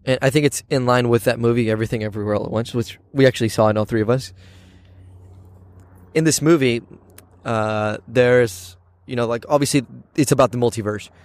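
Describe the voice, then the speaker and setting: Sitting outdoors on the campus steps, a podcast host talks things through in a casual, reflective way. His voice is medium in pitch with fairly even intonation, and he moves along fairly quickly. He's thoughtful and keeps checking in with his listener, often tossing in a "right?"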